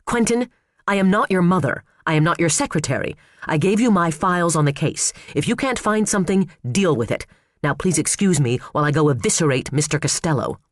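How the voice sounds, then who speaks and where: A man voicing a sharp, fierce female prosecutor with a curt, cutting manner, in an audiobook. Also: fairly high pitch, expressive, a little fast, no room sound, voice pushed up, natural voice. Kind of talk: audiobook character voice.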